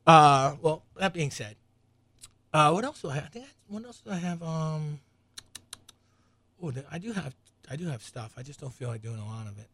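A man's voice: fairly high pitch, animated, normal speed, long pauses, fairly bright tone, no echo. Rambling sarcastic man with a slight New England accent. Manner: rambling, sarcastic, many fillers, laughs at own jokes. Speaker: show host. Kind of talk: casual commentary reading news aloud.

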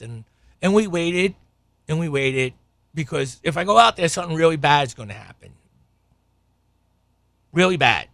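A man's voice: medium pitch, gravelly, a bit bright, no room sound. A man hosting a podcast, telling a rambling, profane story from a room at home and chuckling often. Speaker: podcast host.

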